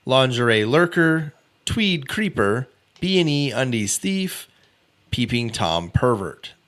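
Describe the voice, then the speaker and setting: A man hosting a casual true crime podcast, reading out a case timeline with offhand asides and quick self-corrections. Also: mid-range voice, sing-song, fairly bright tone. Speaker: podcast host.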